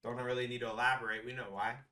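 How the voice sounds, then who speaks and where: A young man co-hosting a casual podcast, animated and slangy, repeating himself for emphasis. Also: mid-range voice, fast talker, far from the mic, very noisy. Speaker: podcast co-host.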